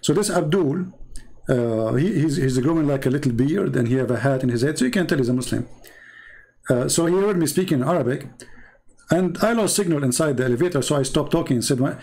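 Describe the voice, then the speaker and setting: Man, religious debater, mocking anecdotal storytelling, fairly high voice. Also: expressive, fairly quick, darkish tone. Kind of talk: storytelling talk.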